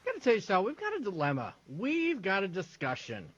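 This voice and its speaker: A man co-hosting a sports talk show, telling animated stories with lots of stumbling restarts. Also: high-pitched, fairly quick, lo-fi sound, a faint crowd, slight background noise.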